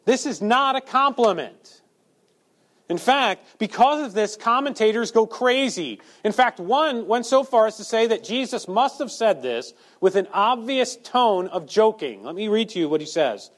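Unhurried but animated, this male preacher's sermon rides a high voice that swings far up and down, staying well above typical male pitch. He poses rhetorical questions again and again and performs each quote he delivers.

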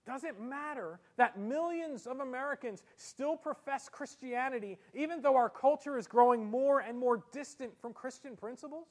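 A man preaching from the pulpit with a high voice for his sex. He is lively and theatrical, dropping into comic voices and leaning hard on sarcastic emphasis to drive each point home. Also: moderate pace, hardly any pauses. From Italian heritage. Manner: animated, with comic voices and exaggerated sarcastic delivery. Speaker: pastor. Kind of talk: sermon. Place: church.

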